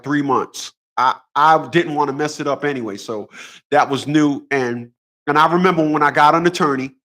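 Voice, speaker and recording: A man's voice: fairly high pitch, fairly bright tone. A man hosting his own channel, talking in a casual monologue. He is blunt and profane, and he repeats phrases over and over for emphasis. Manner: boxing talk, combative. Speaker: channel host.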